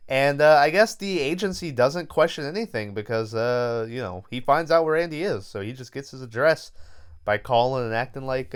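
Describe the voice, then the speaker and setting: A man with a smooth, clear voice at a middle pitch, retelling a horror film scene by scene. He talks loosely and swears often, as he would in casual chat. He is recording from his bed at home. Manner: loose, profane storytelling. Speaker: podcast host. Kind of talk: casual movie recap.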